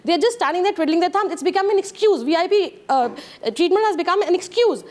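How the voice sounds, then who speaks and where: A woman's voice: extremely high pitch, lively intonation, quick pace, a little mellow. Earnest, frustrated Indian woman. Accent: Indian English. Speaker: debate guest, parent. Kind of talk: televised debate testimony.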